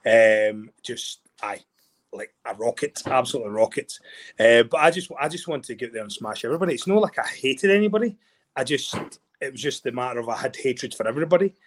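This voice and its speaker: Give me an animated Scottish man who gets worked up and repeats himself. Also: medium pitch, a little fast. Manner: excitable, animated, repeats words, restarts. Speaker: guest, former rugby player. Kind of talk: casual chat.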